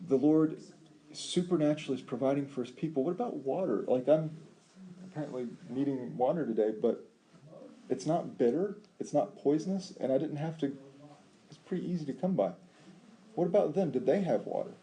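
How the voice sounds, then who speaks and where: A man teaching a Bible study, talking in an animated, emphatic way with rhetorical questions and frequent ums. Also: on the high side, a little fast.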